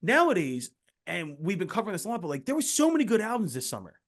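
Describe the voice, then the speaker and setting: A young man hosting a casual interview, excitable, swearing freely and jumping in often. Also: high-pitched, fast. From Philadelphia area. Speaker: podcast host.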